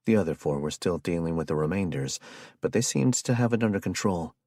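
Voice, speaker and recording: A male audiobook narrator with a very deep, husky voice and steady delivery. The recording is dry and close, with no room sound. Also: fairly quick, no echo. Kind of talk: scripted narration.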